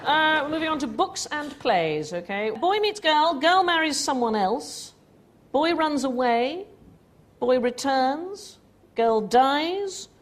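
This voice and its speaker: A woman's voice: sits high, expressive, slow. A woman hosting a TV quiz show, reading clues and slipping in dry jokes. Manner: dry, wry humour. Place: TV studio with audience. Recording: noisy studio with audience laughter.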